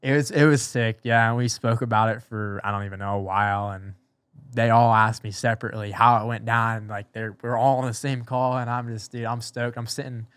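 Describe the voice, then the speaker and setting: Animated young man telling a story. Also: medium pitch, fairly quick, clean tone, no echo, studio quality. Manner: animated, slangy, rambling with "dude" and "bro". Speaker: podcast guest, motocross racer. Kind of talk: casual storytelling.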